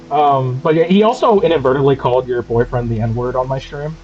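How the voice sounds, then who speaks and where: A man co-hosting a stream, chatting casually and mocking people in profane, animated bursts. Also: mid-range voice, a little fast, a little hiss or hum. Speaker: streamer co-host. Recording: dull lo-fi stream audio, faint music.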